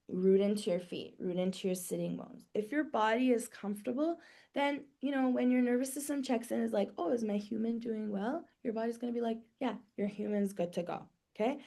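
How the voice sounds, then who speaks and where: A middle-aged woman teaching a live somatic wellness webinar from her home office over a video call, talking conversationally and acting out everyday examples with quick voiced reactions. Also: medium pitch, warm tone.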